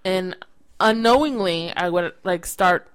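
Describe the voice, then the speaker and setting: A woman's voice: on the low side, a little slow, smooth, no echo, poor audio. A woman from California co-hosting a podcast in casual chat, telling rambling, self-mocking stories with frequent restarts. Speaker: podcast co-host.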